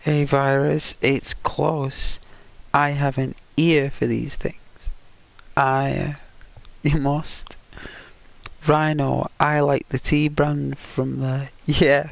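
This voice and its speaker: A man from the north of England talks to his viewers during a game. He drifts between topics at an unhurried pace. His mid-pitched voice has a steady gravelly fry running through it. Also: no echo. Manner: slow, meandering, chatting to viewers. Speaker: gaming streamer. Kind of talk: relaxed live gameplay commentary.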